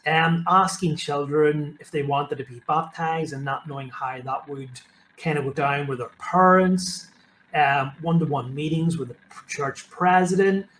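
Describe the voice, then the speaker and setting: A man's voice: on the high side, measured pace, a bit bright, low-quality recording. A man hosting a casual interview, who hesitates and restarts his sentences while he searches for words. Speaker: podcast host. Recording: faint background noise.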